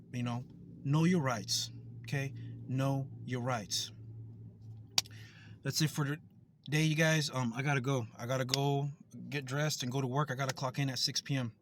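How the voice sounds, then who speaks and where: A man's voice: mid-range voice, a bit bright, slight background noise. A man from the United States, a vlogger, delivering a heated, profane, repetitive rant to camera.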